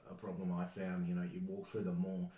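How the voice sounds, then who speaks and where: Low-voiced man chatting frankly. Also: completely flat delivery, dark tone. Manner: fast, frank, profane. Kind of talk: casual chat. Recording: roomy echo with faint hum.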